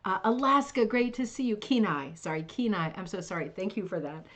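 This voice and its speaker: A woman's voice: medium pitch, expressive, fast talker, fairly bright tone. A woman hosting a craft club livestream from her couch at home, chatting casually and greeting viewers by name, with lots of fillers and restarts. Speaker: host of a rug hooking club livestream.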